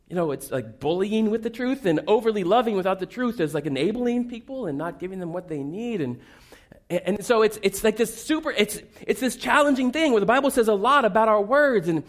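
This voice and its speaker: Male pastor with a high speaking voice; conversational sermon built on humorous family stories. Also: expressive, fairly quick. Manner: conversational, humorous, self-deprecating storytelling.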